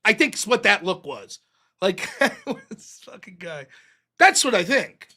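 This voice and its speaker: Speaking a little slowly, this male livestream host delivers animated, profane commentary, laughing often. His bright, sharp voice swings widely in pitch as he rants.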